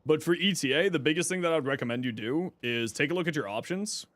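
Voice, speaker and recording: A man's voice: on the high side, quick pace, fairly bright tone, dry recording. A man from Toronto, streaming and chatting casually with viewers in a laid-back, rambling way. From Toronto, Canada. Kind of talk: casual livestream chat answering viewers.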